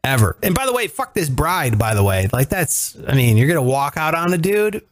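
High, animated man swearing through a casual chat. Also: a little fast. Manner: profane, animated, jokey. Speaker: podcast co-host.

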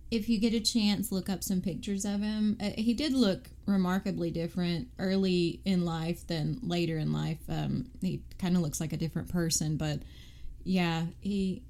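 A woman's voice: on the low side, fairly even intonation, moderate pace, warm tone. A woman co-hosting a casual podcast, telling the story in a matter-of-fact way. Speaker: podcast co-host.

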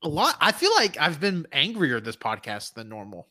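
A young man from Alabama with a Southern US accent, hosting a casual podcast chat, animated and swearing freely. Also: a little high, normal speed. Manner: animated, swearing, laughing often. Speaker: podcast host.

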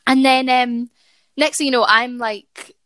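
A young woman co-hosting a podcast, telling a story in a chatty, self-deprecating way. Her voice sits a bit high. The recording is dry and close, with no room sound. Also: fairly even intonation, a little slow, fairly bright tone, smooth, no room sound. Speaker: podcast co-host. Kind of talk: casual storytelling chat.

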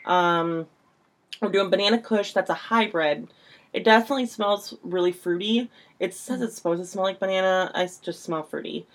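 A woman's voice: on the low side, normal speed. A woman co-hosting a casual podcast, laid-back and teasing, stretching out her words. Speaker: podcast co-host. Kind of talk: casual chat.

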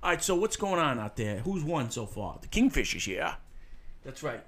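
A man's voice: mid-range voice, sing-song, moderate pace. A man hosting a crude comedy radio show, swearing constantly in rowdy banter with callers and his co-host.

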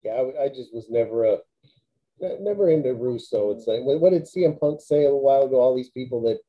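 A man's voice: mid-range voice, lively intonation, quick pace. A man hosting a podcast, giving blunt opinions in casual chat and throwing in short reactions. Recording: dull lo-fi audio.

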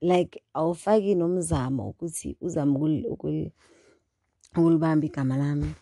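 Dark-voiced South African woman host. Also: deep voice, a little fast, dry recording. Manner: animated and indignant, mixing English with local words. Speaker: podcast host. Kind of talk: casual monologue.

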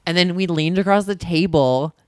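A man's voice: sits high, moderate pace, darkish tone. A man in his thirties, a podcast co-host, telling a story casually and acting out quoted dialogue. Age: 30s. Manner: chatty, acts out quoted dialogue, frequent likes.

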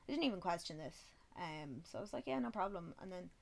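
Woman in her twenties, casual sweary storyteller with a slightly low voice. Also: very animated, quick pace, vocal fry, a little mellow. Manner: chatty, swears freely, self-mocking. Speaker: vlogger.

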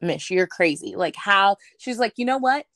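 A woman telling a personal story as an interview guest, animated, acting out the voices of the people she quotes, with lots of "like". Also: mid-range voice, normal speed, dry recording, clean studio sound. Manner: frequent "like" fillers.

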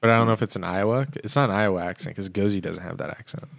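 A man's voice: sits low, racing, gravelly, a bit bright, dry recording. A man co-hosting a podcast, chatting in a rambling way and filling his sentences with "like". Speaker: podcast co-host. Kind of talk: casual podcast chat.

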